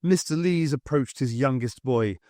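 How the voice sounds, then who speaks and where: A man narrating an unofficial audiobook in an expressive storytelling manner. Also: mid-range voice, unhurried, no room sound, studio quality. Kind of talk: scripted narration.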